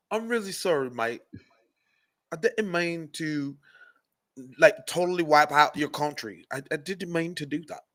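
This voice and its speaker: A man's voice: a little high, very slow, long pauses, mellow. A man putting on a mock-apologetic British man, apologizing with exaggerated regret. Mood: mock-sorry.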